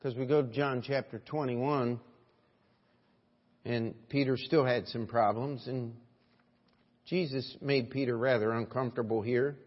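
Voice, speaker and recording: A man's voice: medium pitch, fairly even intonation, a little slow, long pauses. Preaching man in a reverberant church. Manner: preaching with rhetorical questions and voiced scripture quotes. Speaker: pastor. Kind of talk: sermon. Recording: dull lo-fi church audio with long hall reverb.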